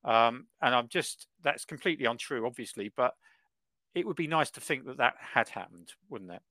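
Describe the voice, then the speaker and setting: A man co-hosting a football podcast, ranting in an exaggerated, animated way. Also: medium pitch, moderate pace, dry recording. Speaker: podcast co-host. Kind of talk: casual football chat.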